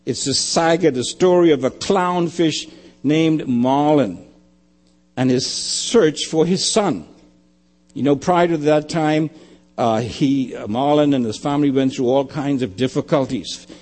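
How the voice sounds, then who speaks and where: Older male pastor, emphatic sermon delivery, voice sits a little high, swells on key lines. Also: measured pace. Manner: emphatic preaching, swelling louder and higher on key phrases.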